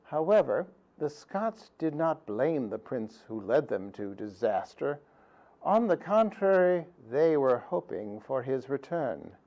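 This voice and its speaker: A man giving a humorous history lecture with songs, delivering deadpan punchlines in a dry, pedantic way. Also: medium pitch, takes it slowly, muffled recording. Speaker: performer of a musical history talk.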